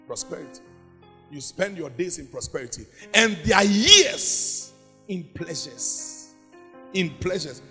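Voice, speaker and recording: A man, a pastor, preaching a sermon in an emphatic, repetitive way that swells into chanted prayer. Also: fairly high pitch. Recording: long hall reverb.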